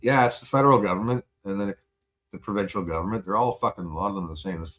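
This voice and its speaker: A man's voice: lowish voice, racing. Buzzed man ranting angrily, profane. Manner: profane, angry venting, swings loud. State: buzzed and high. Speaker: livestreamer. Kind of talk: casual livestream rant.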